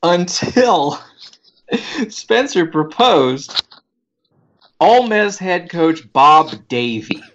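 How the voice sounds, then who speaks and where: A man's voice: fairly high pitch, lively intonation, very slow, pauses often, noisy background. A man co-hosting a casual sports podcast, joking and laughing often, tripping over his words. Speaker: podcast co-host. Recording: dull lo-fi recording.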